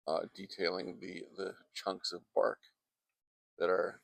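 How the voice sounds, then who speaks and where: Man, painting instructor, low gravelly voice, chatty and digressive, close dry mic outdoors. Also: little pitch movement, unhurried, no echo. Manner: chatty, wandering off into asides. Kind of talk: casual painting demonstration. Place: outdoors in a backyard. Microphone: close microphone.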